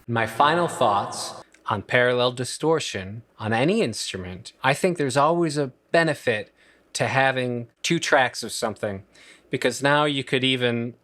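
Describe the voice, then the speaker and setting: Speaking into a studio microphone in a mid-range voice, a man gives a casual home-recording tutorial. He keeps it relaxed and chatty, with friendly asides.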